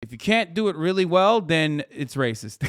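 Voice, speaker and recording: A man hosting a stream, reacting to a show in loose, profane, animated chat. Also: on the high side, moderate pace, clear, resonant tone, dry recording, studio quality. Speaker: streamer host.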